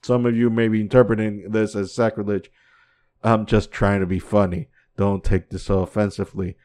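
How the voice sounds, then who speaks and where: A man hosting a podcast in profane casual commentary, swearing constantly and repeating himself, swinging from low muttering to loud incredulous outbursts. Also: flat delivery, moderate pace. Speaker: podcast host.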